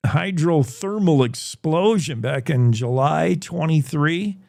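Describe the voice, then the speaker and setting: A man's voice: fairly high pitch, expressive, slow, vocal fry, a little mellow, dry recording. A man hosting a news show, joking and rambling with comic asides. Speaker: show host. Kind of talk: casual news commentary.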